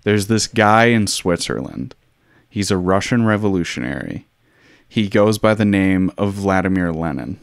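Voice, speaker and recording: A scheming official lays out a secret plan in a low, hushed, sly tone, as a man puts him on mid-chat. The voice stays smooth and dry, close to the mic. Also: dry recording.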